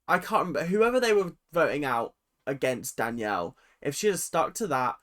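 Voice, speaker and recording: A man's voice: a little high, very animated, a little fast, fairly bright tone. A young man recapping a reality show episode on his vlog, opinionated and rambling, drifting off on tangents and sounding tired. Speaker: reaction vlogger.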